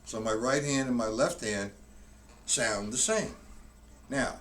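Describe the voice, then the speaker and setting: Man explaining drumming over loud drums. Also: medium pitch, slow pace, long pauses, over loud music. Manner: plain step-by-step explaining with frequent restarts. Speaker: drum teacher. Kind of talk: live-streamed drum lesson. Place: room with a drum kit. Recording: distant mic with loud drumming.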